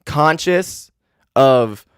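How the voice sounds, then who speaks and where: A man in his twenties hosting a solo podcast, talking candidly and with grief, swearing often and filling pauses with "like". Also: on the high side, expressive, smooth, no room sound, clean studio sound. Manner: candid, grieving, heavy swearing and fillers. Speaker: podcast host. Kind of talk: casual solo podcast monologue. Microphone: handheld podcast mic.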